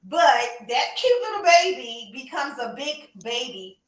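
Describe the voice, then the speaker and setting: Pitched high and very animated, she nonetheless keeps a measured pace. She's a podcast co-host and reptile breeder in a casual chat, speaking emphatically and laughing, recorded distant from the mic in a roomy setting.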